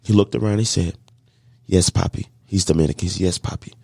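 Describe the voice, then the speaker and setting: A man telling a lively story of faith and business, acting out the voices of the people in it. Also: low-pitched, racing, gravelly, dry recording, clean studio sound. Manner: animated storyteller acting out dialogue, faith-filled. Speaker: guest, catering business owner. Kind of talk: storytelling in a podcast interview.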